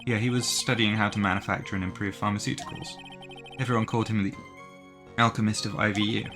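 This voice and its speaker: Man reading as a nervous young student, sheepish, low voice, game music behind. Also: steady tone, fast talker, vocal fry. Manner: hesitant, sheepish. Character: young male college student, nervous and lovestruck. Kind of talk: reading game dialogue aloud.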